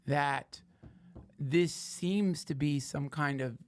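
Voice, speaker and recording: A man's voice: on the high side, fairly even intonation, drawn-out words. A man hosting a podcast, riffing in a sardonic, profane, rambling comedic monologue. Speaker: podcast host.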